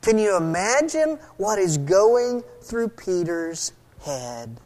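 A man preaching a sermon, retelling a story with lively, acted-out voices for the people in it. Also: high-pitched, takes it slowly. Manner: animated storytelling, acting out quoted voices. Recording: long hall reverb.

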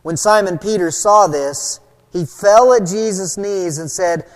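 A man preaching a sermon, retelling a story with lively, acted-out voices for the people in it. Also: high-pitched, unhurried. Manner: animated storytelling, acting out quoted voices. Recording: long hall reverb.

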